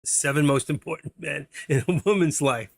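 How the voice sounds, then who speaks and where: A middle-aged man with a somewhat high-pitched voice hosts a casual live stream. He rambles from story to joke and chuckles at his own punchlines. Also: fairly quick, vocal fry. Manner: rambling, chatty, laughs at his own jokes.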